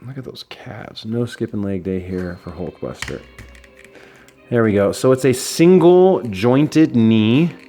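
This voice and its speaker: A man's voice: on the low side, expressive, unhurried, mellow, faint music behind. A man casually reviewing a collectible action figure, enthusiastic and chatty, with fillers and restarts. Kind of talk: casual unboxing talk.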